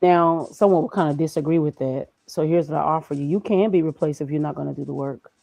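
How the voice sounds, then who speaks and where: Brief: lower-voiced woman guest, dry close sound, emphatic motivational talk. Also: fast talker, vocal fry, mellow, no echo. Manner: emphatic, preachy, talks through her own feelings. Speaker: guest, graphic designer. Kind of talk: casual motivational conversation.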